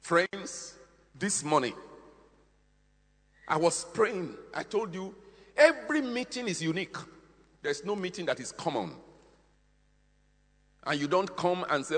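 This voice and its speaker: A man preaching a sermon with emphatic, repetitive phrasing, swinging between hushed and loud. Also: high-pitched, very animated, a little slow, pauses often. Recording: long hall reverb.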